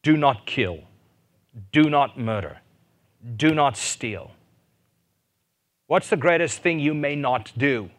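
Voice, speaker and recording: A man's voice: a little high, takes it slowly, pauses often. Fervent male preacher. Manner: animated, rises to loud fervent peaks; asks the audience questions and jokes. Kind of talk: sermon.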